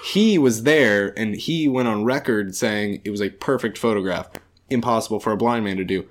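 Deadpan man with mock-serious hot takes. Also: fairly low pitch, normal speed. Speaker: podcast co-host. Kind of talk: casual movie review chat.

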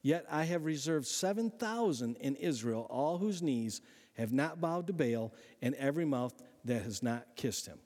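A man preaching a sermon as a pastor, conversational and animated, asking the listeners rhetorical questions as he reads and explains scripture. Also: medium pitch, a little slow, big-room sound.

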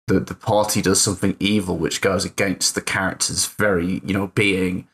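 A man's voice: deep voice, level tone, normal speed, a bit bright. A man co-hosting a tabletop gaming podcast as a player, talking casually and hesitantly with frequent restarts and the odd swear.

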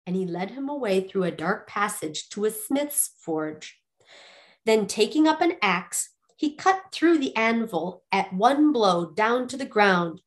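Expressive woman reading a fairy tale. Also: mid-range voice, a little slow. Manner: expressive, lively storytelling. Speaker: storyteller.

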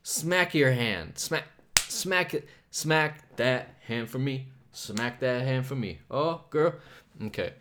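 A young man hosting a comedy podcast, talking alone in a rambling, profane way, swinging between loud bursts and low mumbles. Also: lively intonation, slow, slight background noise. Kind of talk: casual solo podcast rant.

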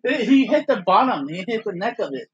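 Young guy joking and swearing on a podcast, kinda high, breathy raspy voice. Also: normal speed, lo-fi sound. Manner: laughing, swearing, excitable. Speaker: podcast co-host. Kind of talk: casual watch-along commentary.

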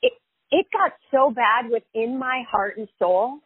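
A woman's voice: fairly high pitch, sing-song, unhurried, husky, no echo. A woman, a chiropractor and life coach, telling her story candidly and emphatically in an interview, with frequent fillers and repetitions. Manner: emphatic, repeats herself, many fillers. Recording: phone-line audio.

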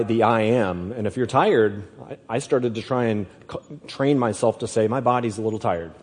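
A male preacher delivers a sermon at a deliberate, emphatic pace, often circling back to repeat his phrases. His voice sits in a middle range and carries a long reverb from a large hall. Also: medium pitch, a little mellow, slightly rough.

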